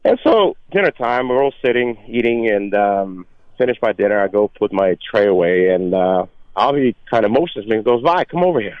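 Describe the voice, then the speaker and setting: A man from Russia, a former player, telling a lively story as a guest on a sports radio podcast. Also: lowish voice, normal speed, no room sound. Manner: animated anecdote with acted quotes. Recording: dry, dull lo-fi call audio.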